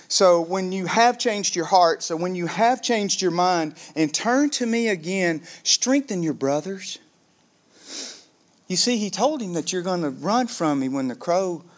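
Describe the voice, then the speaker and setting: Pastor guy preaching, higher voice, lively and chatty, talks to the crowd like friends. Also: takes it slowly. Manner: animated, conversational preaching, addresses the congregation as "gang". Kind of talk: sermon.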